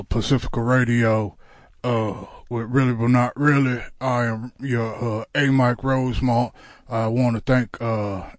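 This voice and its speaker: A man's voice: medium pitch, dry recording. A man in his fifties hosting a casual radio show from a studio, talking in a laid-back, drawling way with lots of fillers. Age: 50s.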